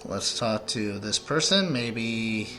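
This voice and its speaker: A man's voice: lowish voice, animated, takes it slowly. A man giving rambling, joking let's play commentary while he plays.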